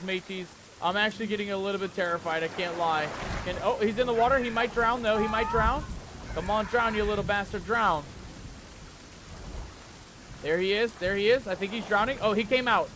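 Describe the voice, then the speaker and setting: High-voiced jumpy gaming man. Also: fairly bright tone, a little hiss or hum. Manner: calls viewers "mateys", pirate slang; jumpy, panicky yelps when scared. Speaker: gaming channel host. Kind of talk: let's play commentary.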